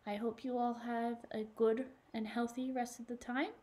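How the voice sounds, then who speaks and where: A woman working as a children's librarian reads a picture book aloud with animation, asking a child listener questions along the way. Her voice is fairly high and her pace moderate.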